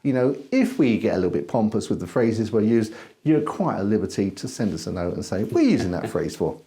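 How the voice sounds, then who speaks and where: A man's voice: on the low side, expressive, brisk, warm tone. A man hosting a casual wine-tasting chat, friendly and self-mocking, given to flowery phrasing. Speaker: wine show host.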